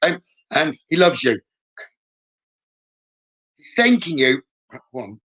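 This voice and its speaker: A man giving a live mediumship reading, his voice bright and a little higher than most men's. He speaks in a reassuring way and keeps checking in with the listener. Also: sing-song, slow pace, low-quality recording. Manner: reassuring, often checks in with "okay?". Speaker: psychic medium.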